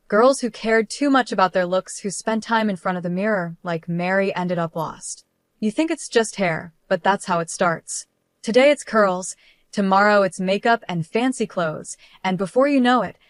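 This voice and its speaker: A woman voicing a stern older mother-in-law who speaks calmly, coldly and with a superior tone. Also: mid-range voice, moderate pace, no echo, close to an everyday voice. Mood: cold, scolding. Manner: calm, cold, superior.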